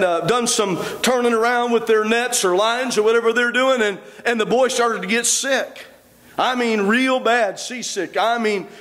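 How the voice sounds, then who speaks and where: High-voiced man preaching with fervor. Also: fairly bright tone. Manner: fervent preaching punctuated by constant amens; folksy, plainspoken storytelling. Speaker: pastor. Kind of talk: sermon. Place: church.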